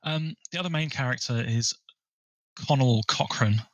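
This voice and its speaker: A man co-hosting a film podcast, measured and informative, steering the conversation. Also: medium pitch, no echo, highs cut off. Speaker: podcast co-host. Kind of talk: casual film chat.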